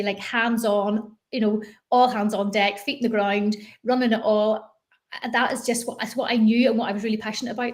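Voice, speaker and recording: A woman from Northern Ireland with a Northern Irish accent, a business coach talking in a chatty, animated way as an interview guest. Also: fairly high pitch. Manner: chatty, animated, many fillers and restarts. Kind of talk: conversational interview.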